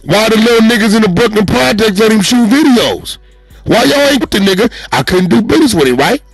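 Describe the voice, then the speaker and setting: A man's voice: high voice, expressive, brisk, breathy edge, dry recording, faint music behind. A man in his forties in a heated online chat-room argument, taunting and mocking, repeating his insults over and over. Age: 40s.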